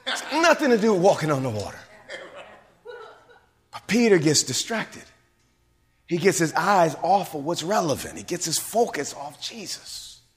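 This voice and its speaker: Animated preaching man in a reverberant church. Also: on the high side, moderate pace. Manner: emphatic preaching, rising to shouts and dropping to whispers. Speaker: bishop and pastor. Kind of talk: sermon. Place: church sanctuary.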